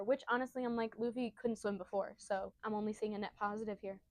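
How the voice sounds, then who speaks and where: A woman's voice: mid-range voice, steady tone, fast, hardly any pauses, no room sound. A woman giving a casual, giggly and profane retelling of a comic chapter. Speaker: storyteller.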